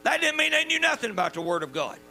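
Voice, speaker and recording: A man with a Southern US accent preaching a sermon in a folksy, emphatic way, dropping suddenly to quiet. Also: very high voice, big pitch swings, quick pace, poor audio. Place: church. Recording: mains hum underneath.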